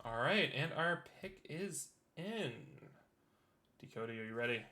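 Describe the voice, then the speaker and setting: A young man hosts a live esports draft stream with a bright, forceful voice pitched a little high. He talks in stop-start bursts full of ums and uhs while he keeps the picks moving. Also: animated, unhurried. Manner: hesitant, many ums and uhs. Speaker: draft host and team owner.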